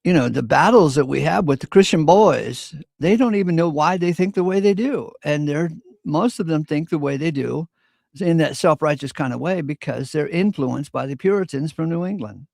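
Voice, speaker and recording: Gravelly man, opinionated. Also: fairly high pitch, moderate pace, a little mellow, dry recording, clean studio sound. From Virginia. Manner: opinionated storyteller, clears throat often. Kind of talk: casual chat.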